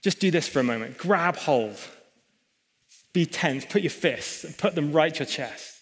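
A man's voice: fairly high pitch, expressive, measured pace. A man preaching a sermon in a church hall, emphatic, with chatty asides to the congregation. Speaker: pastor.

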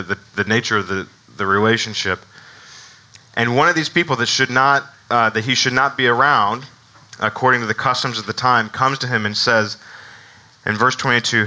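Male pastor, casual conversational sermon, very bright tone, restarts and laughs often. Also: mid-range voice, low-quality recording. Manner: conversational, many fillers and restarts.

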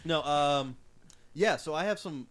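A man's voice: fairly high pitch, a little slow, a crowd in the background. A man co-hosting a casual podcast, cracking crude jokes between introductions. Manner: joking, crude, deadpan jabs. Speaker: podcast co-host.

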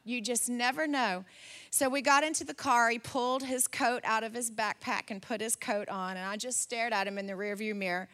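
A woman in her forties preaching a sermon, telling a family story in an animated way and acting out her son's lines. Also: on the high side, fairly quick, few pauses. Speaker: pastor.

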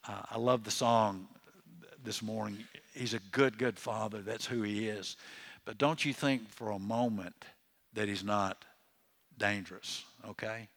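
A man's voice: on the low side, fairly even intonation, unhurried, vocal fry, fairly bright tone. A man preaching a sermon as pastor in a church, conversational and chatty, with joking asides and chuckles.

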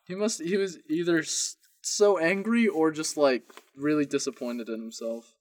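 A young man co-hosting a casual podcast, telling a story in an animated way, swearing and laughing often. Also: a little high, normal speed, no room sound. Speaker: podcast co-host.

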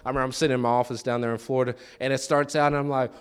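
A man's voice: very fast, clear, resonant tone. A man preaching a sermon in church, telling stories with acted-out quotes and repeated phrases. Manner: animated, pitch jumps high for quoted voices. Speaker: pastor.

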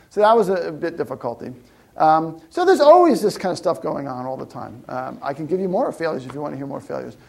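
A middle-aged man giving a casual talk to an audience, animated, often restarting and repeating words. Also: high-pitched, gravelly. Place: lecture room with audience.

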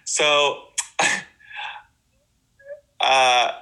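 A man's voice: medium pitch, little pitch movement, very slow, bright, forceful tone, low-quality recording. A man co-hosting a podcast in casual chat, wired on coffee, joking around, swearing and goofing off. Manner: jokey, hyper, goofing with silly voices and swearing. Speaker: podcast co-host.

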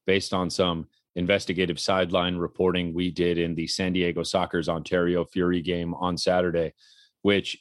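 A man's voice: sits low, dry recording, clean studio sound. A man co-hosting a casual talk show, telling a story with animation and acting out the quotes. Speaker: podcast co-host and color commentator.

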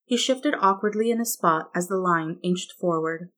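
Woman reading a story, slightly low voice. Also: normal speed, fairly bright tone. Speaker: fan fiction reader. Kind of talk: scripted story narration.

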